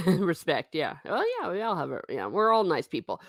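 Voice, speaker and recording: Chatty woman with a lively, low voice. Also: moderate pace, vocal fry, dry recording, clean studio sound. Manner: chatty, laughs often, self-mocking asides. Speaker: livestream host reading viewer chat. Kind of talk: casual livestream chat.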